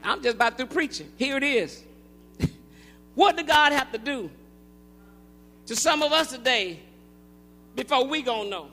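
Preacher guy, super high voice, big echoey sanctuary, call and response, gets shouty. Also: animated, a little slow, long pauses, faint music behind. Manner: rising into shouted, rhythmic preaching. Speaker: pastor. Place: large church sanctuary. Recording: long hall reverb.

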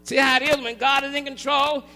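A man preaching a call-and-response sermon to his congregation, building into shouted, rhythmic cadences. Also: extremely high pitch, level tone, fairly quick, soft background music. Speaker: pastor. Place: large church sanctuary. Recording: long hall reverb.

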